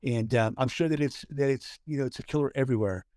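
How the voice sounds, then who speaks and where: Quick-paced and darkish in tone, this medium-pitched Southern Californian man chats as a podcast co-host, stumbling through a story with lots of restarts and filler words. The studio sound is clean, with no room sound.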